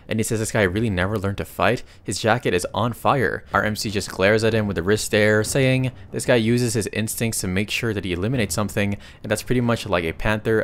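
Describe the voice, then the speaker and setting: A man narrating a comic story recap in a casual, slangy way, breaking off for joking asides to his viewers. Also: fairly low pitch.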